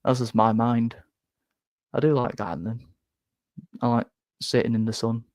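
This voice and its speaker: A man's voice: mid-range voice, fairly even intonation, normal speed, darkish tone, dry recording. A man with a Northern English accent chatting casually and rambling in a self-deprecating way about what he likes. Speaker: football fan channel host. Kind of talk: casual chat.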